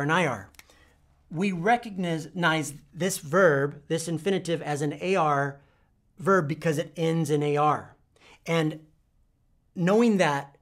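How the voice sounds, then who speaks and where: A man teaching a Spanish verb lesson, spelling out letters and repeating each form deliberately. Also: a little high. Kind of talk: whiteboard language lesson.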